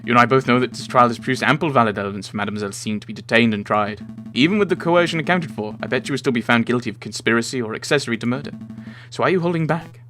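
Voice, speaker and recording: A man's voice: medium pitch, racing, few pauses, pushed and bright, faint music behind, lightly acted. A man voicing a dry, matter-of-fact male falcon defense lawyer in a visual novel. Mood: stern.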